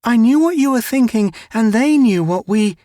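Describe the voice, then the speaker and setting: A man voicing an emotional young girl in a storybook reading, raising his voice high and breathless. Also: animated, normal speed, dark tone, no echo, clean studio sound. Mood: earnest.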